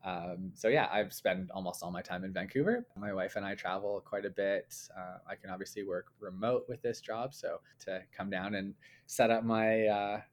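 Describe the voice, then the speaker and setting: A young man from Canada talks through his stories in a relaxed, chatty interview, dropping in fillers as he goes. His voice sits on the low side for a man. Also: normal speed, hardly any pauses. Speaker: guest. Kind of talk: casual conversational interview.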